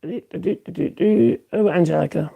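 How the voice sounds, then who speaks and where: A man's voice: on the high side, moderate pace, creaky, mellow, husky. A man in his fifties with a Norfolk accent, chatting casually on a woodworking livestream, rambling with lots of fillers and restarts. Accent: Norfolk English. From Norfolk, England. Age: 50s. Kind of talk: casual livestream chat answering viewers.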